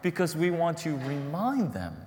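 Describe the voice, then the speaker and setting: A man's voice: fairly high pitch, very animated, normal speed, a little mellow, big-room sound, a little hiss or hum. A man preaching a sermon as pastor, earnest and storytelling, repeating phrases for emphasis.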